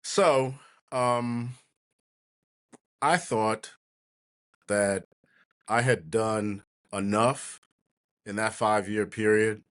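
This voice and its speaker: A man's voice: lowish voice, drawn-out words, pauses often. Storytelling man in his sixties. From New Jersey, USA. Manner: animated anecdotes, acting out quoted voices, laughing. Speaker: trial lawyer, guest. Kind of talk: casual storytelling interview.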